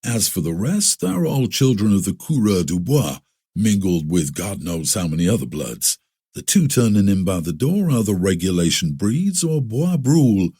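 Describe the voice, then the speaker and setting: A knowing, seasoned frontiersman, read by a man in a lowish, husky voice that moves up and down a lot. He sounds confiding as he explains. The recording is close and dry. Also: very animated, moderate pace, warm tone, full character voice.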